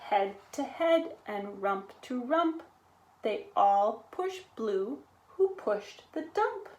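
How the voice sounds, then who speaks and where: A woman reading a children's picture book aloud at storytime, animated and sometimes asking the listeners to join in. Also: sits high, reverberant. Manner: animated, with sound effects and call-and-response. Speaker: storytime reader.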